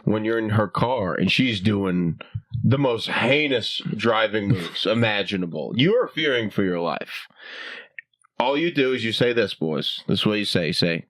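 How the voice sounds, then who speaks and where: A man's voice: fairly low pitch, expressive, normal speed, a bit bright, no echo. A young man from the United States, a stand-up comic who riffs with mock aggression and slips into silly voices in casual podcast banter. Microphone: studio mic.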